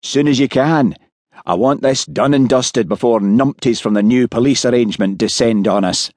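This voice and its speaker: A man's voice: mid-range voice, moderate pace, a little mellow, no echo, studio quality, voice pushed up, natural voice. A man voicing a coarse, scheming middle-aged male detective who talks bluntly and crudely. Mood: gruff.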